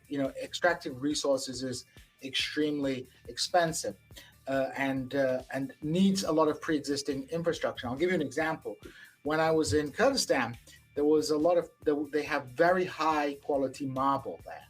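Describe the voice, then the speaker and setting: A man's voice: a little high, breathy edge, low-quality recording. A man talking casually as a panelist on a podcast, rambling with lots of restarts. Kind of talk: casual discussion.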